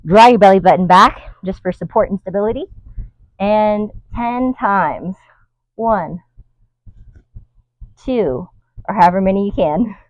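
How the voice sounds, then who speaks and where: A woman's voice: mid-range voice, unhurried, pauses often, no room sound, highs cut off. A woman leading a guided workout outdoors, counting reps and coaching with light laughs. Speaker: fitness instructor. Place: outdoors in the wind.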